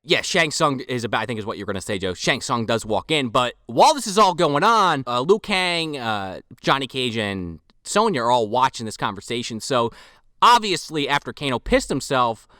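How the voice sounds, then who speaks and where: A man's voice: moderate pace, dry recording, studio quality. A man on a casual movie podcast, recounting scenes expressively. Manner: expressive storyteller, swings pitch widely. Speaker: podcast co-host.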